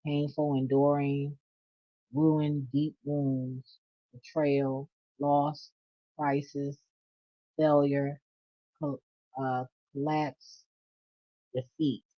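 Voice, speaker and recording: A woman's voice: low-pitched, level tone, drawn-out words, pauses often. A woman doing a casual tarot reading vlog, blunt and profane, with laughing asides. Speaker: tarot reader. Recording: dull lo-fi audio.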